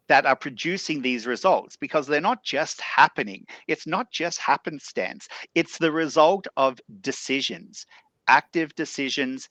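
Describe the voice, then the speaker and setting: A man's voice: fairly high pitch, fairly bright tone, no echo. A man with an Australian accent speaking earnestly on a discussion panel, posing rhetorical questions.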